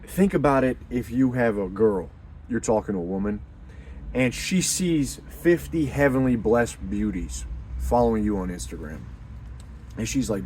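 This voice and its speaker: A man's voice: mid-range voice, normal speed, a little hiss or hum. Blunt young man, casual and profane. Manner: blunt, profane, calls the listener dude; bursts into loud emphatic peaks. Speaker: host of a men's community channel. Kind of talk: casual unscripted monologue.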